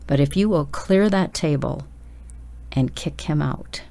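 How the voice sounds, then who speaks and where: Low, gravelly-voiced woman preaching urgently. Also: unhurried, dark tone. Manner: urgent, emphatic exhortation addressed straight to listeners. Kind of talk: sermon.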